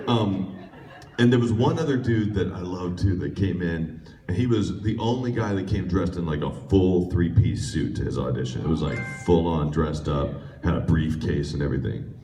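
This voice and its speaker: A man's voice: deep voice, normal speed, faint music behind. A man on a convention panel telling stories about auditions and acting out the people in them. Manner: animated, acts out quotes. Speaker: voice actor and panel guest. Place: convention hall. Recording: echoey hall, mic at a distance.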